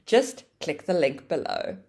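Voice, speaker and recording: A woman teaching an online English grammar lesson, explaining with a lively, sing-song intonation. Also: deep voice, unhurried, slightly rough.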